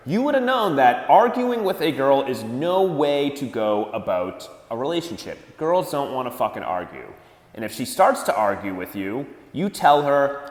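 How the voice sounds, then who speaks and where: A man giving dating advice in a blunt, profane rant. He swears freely and mocks others in put-on voices. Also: mid-range voice. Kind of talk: profane ranting advice monologue. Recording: echoey room with long reverb.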